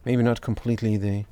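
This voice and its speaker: A young man with a lowish, mellow voice streams a game, chatting casually in English, which isn't his first language. His commentary rambles, he pokes fun at himself, and he often stumbles and restarts words.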